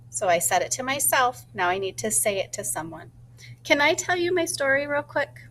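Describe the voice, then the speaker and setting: A woman teacher thinking aloud in a gentle voice and slowly sounding out words as she models a writing lesson for young children. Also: on the high side, very animated, a little hiss or hum. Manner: slow, deliberate sounding-out of words.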